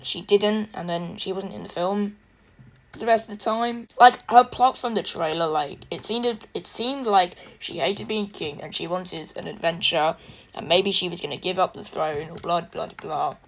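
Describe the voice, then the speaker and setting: A woman's voice: on the low side, moderate pace. A woman giving a casual spoken film review, chatty and gushing, laughing often as she talks.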